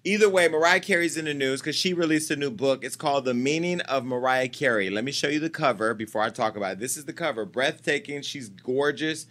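A man's voice: mid-range voice, quick pace, few pauses, a bit bright. A man hosting a celebrity gossip show, talking in a brash, profane, teasing way as he chats casually and jokes with staff off camera.

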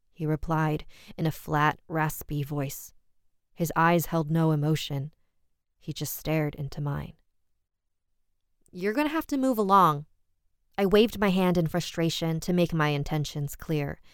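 A woman reading a scripted horror story aloud as a podcast narrator, in a measured, even storytelling delivery. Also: sits low, clear, resonant tone, no room sound, studio quality.

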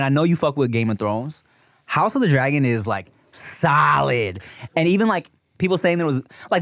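Lively laughing man in casual podcast talk. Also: medium pitch, no echo, clean studio sound. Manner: laughs often, swears freely, animated storytelling. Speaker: podcast co-host.

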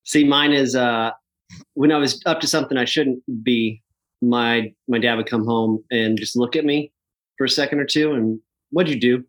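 A man's voice: medium pitch, steady tone, moderate pace, fairly bright tone. A man who is a podcast guest, talking about his work in an easygoing casual chat and laughing along. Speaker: podcast guest, app founder.

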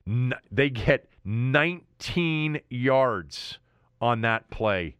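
A middle-aged man hosting a sports talk show, recapping a game play by play in an animated way, his voice jumping up when excited. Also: mid-range voice, extremely slow, clean tone, no echo, highs cut off. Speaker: sports radio host. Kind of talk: solo sports talk monologue.

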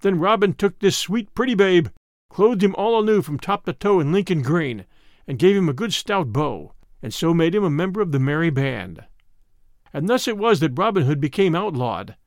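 A man hosting a show reads a classic storybook aloud in a measured, expressive manner. His voice sits fairly high and moves widely in pitch. The recording is close and dry. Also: dry recording. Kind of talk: storybook reading.

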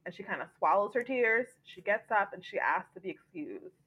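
A woman's voice: mid-range voice, normal speed, breathy edge, rough recording. A woman hosting a podcast, animatedly recapping a TV episode and acting out the characters' lines. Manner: animated storytelling, acts out quotes. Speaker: podcast host.

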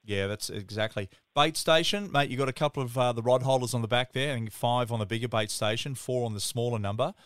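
Australian man, podcast host, casual matey chat, dry close sound, mid-pitched. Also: quick pace, hardly any pauses, fairly bright tone, smooth, no room sound. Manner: matey, enthusiastic, says mate often.

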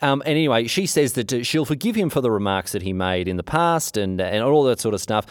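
A man tells a historical tale in a chatty, slangy way, full of asides and "uh"s. His pitch rises and falls with lively movement. The sound is dry and close, with no room echo. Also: fairly quick, smooth. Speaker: history storyteller. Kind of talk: casual storytelling.

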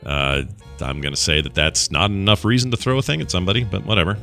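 A man co-hosting a casual comedy podcast, reading a news story and riffing on it in an animated, joking way. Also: low voice, fast talker, gravelly, soft background music. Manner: animated, jokey, getting worked up. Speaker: podcast co-host.

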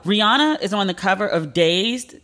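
His high-pitched voice is expressive, pushed, and bright, delivered at a moderate pace. A journalist hosting a casual monologue podcast, he chats emotionally and leans heavily on the word "like."

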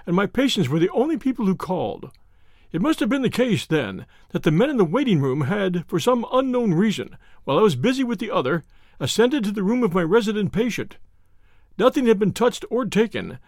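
A man voicing an earnest doctor recounting events in a measured way. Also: high voice, no echo, studio quality, full character voice. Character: earnest male doctor telling his tale.

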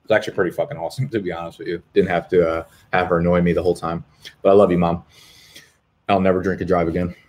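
A man's voice: low-pitched, flat delivery, very fast, a little mellow. A man, hosting a live stream in profane, rambling casual chat. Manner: profane, rambling, swears constantly.

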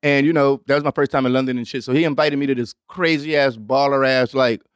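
A young adult man hosting a show, telling a rambling, profane story in an animated way and acting out other people with big jumps in pitch. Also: a little fast, clear, resonant tone, no room sound, studio quality. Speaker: host. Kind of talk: storytelling monologue.

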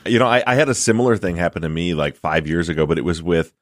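A man co-hosting a podcast, telling a story in casual chat, swearing freely and acting out his own shouting. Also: sits low, lively intonation, fast, no room sound. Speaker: podcast co-host.

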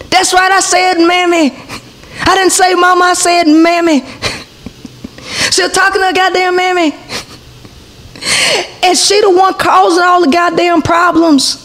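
A woman's voice: extremely high pitch, a bit bright. A woman in her forties, hosting a podcast, tells a heated story to her viewers, profane and full of asides to the audience. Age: 40s. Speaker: podcast host.

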